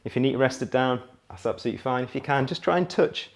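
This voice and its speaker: A man's voice: mid-range voice, fast talker. A man coaching a workout, counting reps aloud and often checking in with the listener. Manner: energetic coaching, often while exercising. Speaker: fitness coach. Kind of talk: workout instruction.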